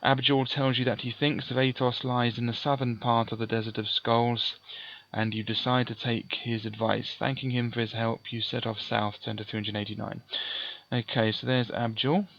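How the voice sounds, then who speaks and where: A man playing through a gamebook, reading its passages aloud and calmly working out dice sums with mild self-deprecating asides. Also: mid-range voice, moderate pace, creaky, lo-fi sound. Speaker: let's play host. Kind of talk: gamebook playthrough with read-aloud narration.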